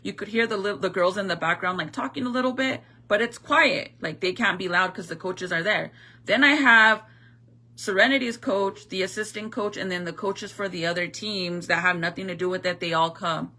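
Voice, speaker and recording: A woman's voice: mid-range voice, normal speed, sharp tone. A young woman telling a story in a heated, profane, slangy rant, as a vlogger.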